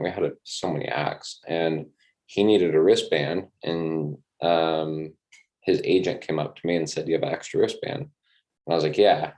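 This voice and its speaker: Low, mellow-voiced man telling stories. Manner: relaxed, rambling, with frequent ums and casual swearing. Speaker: tour manager guest. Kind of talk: casual interview storytelling.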